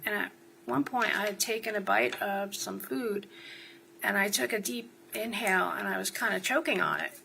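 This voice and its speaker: Bright, gravelly woman testifying in court. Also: mid-range voice, normal speed, a little hiss or hum, poor audio. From New Jersey. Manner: short answers, then rambling storytelling. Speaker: witness.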